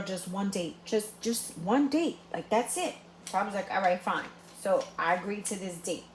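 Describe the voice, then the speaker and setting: Animated middle-aged woman, storytelling vlog host, mid-range voice, roomy sound. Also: mid-range voice, a little hiss or hum. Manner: animated, acts out quotes, laughs while telling. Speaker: vlogger. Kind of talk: casual storytelling chat.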